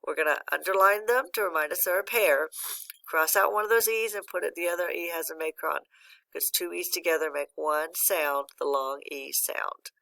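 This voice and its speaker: A patient reading teacher leads a young child through a phonics lesson, praising often and guiding each word step by step. Her voice is fairly low and creaky with a sharp tone, and she speaks at a moderate pace.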